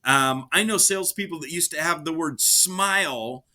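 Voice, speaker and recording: Bright, energetic man co-hosting. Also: fairly high pitch, normal speed. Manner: energetic, upbeat, gives lively examples. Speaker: podcast co-host. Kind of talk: casual advice chat.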